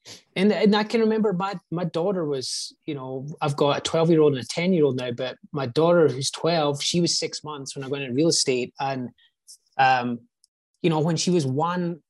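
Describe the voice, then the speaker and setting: A man's voice: on the high side, moderate pace. A man from Scotland with a Scottish accent, in his forties, a real estate agent talking earnestly as a guest in a casual interview.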